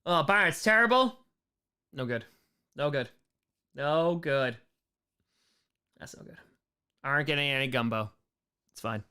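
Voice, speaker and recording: A man with a hoarse, worn-out voice hosting a casual live Q&A, joking and rambling as he reads chat questions. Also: medium pitch, a little slow, pauses often, sharp tone. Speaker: live stream host answering chat.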